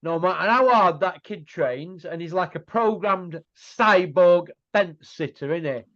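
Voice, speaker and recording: Man, boxing rant, fairly high voice, muffled lo-fi sound, blunt and mocking. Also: measured pace, a bit bright. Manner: blunt, mocking, asks rhetorical tag questions. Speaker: boxing pundit host. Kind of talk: casual ranting chat. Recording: muffled lo-fi audio.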